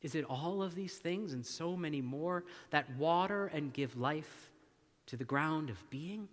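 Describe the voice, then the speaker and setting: A male minister preaching a sermon, slow and deliberate, with long dramatic pauses. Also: fairly high pitch. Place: church sanctuary. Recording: long church reverb.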